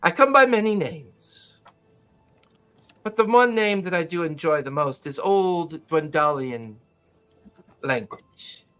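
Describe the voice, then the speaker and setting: A man voicing a gentle, courteous elderly male mystic in a tabletop game. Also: fairly high pitch, animated, clear, resonant tone. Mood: gently probing. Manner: courteous, unhurried, gently mocking.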